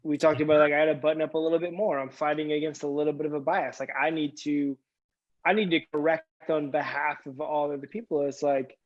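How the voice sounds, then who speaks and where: A man's voice: on the high side, steady tone. Man talking with frequent restarts, slightly dull sound. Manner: halting, many restarts and "like"s. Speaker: podcast co-host. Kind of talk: casual discussion.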